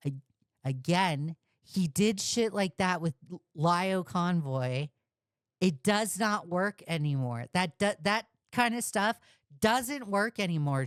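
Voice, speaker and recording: A woman talks through casual commentary in a blunt, unhurried way, dropping swear words as she goes. Her voice sits low for a woman and comes across smooth and crisp. The recording is dry and close, with no room sound around her. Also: dry recording. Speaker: commentary YouTuber.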